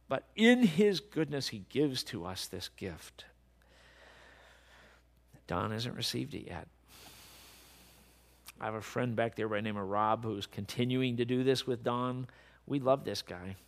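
A man preaching a sermon, dropping to soft, low speech and then building to loud, emphatic peaks.

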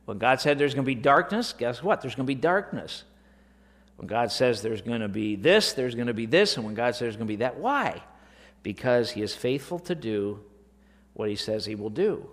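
A man teaching a Bible lesson in sermon style, animated and full of rhetorical questions. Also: mid-range voice, normal speed. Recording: long reverb of a large hall.

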